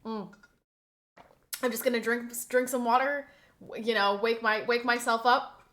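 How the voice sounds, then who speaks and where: A young woman streaming live, chatting casually with her viewers, venting gossip and reacting to the chat in an animated way. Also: fairly high pitch, a little slow, pauses often.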